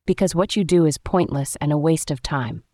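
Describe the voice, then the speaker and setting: A cocky, sardonic male engineer, as a woman reads him, brushing everything off with mockery. The low voice is recorded dry and close, in the manner of a storybook reading. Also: moderate pace, warm tone, dry recording, close to an everyday voice. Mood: dismissive. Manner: dismissive and mocking.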